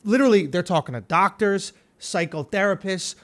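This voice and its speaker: A man in his thirties hosts a comedy podcast, telling a story with lots of energy and plenty of swearing. His voice is high-pitched and a bit bright, delivered at a moderate pace.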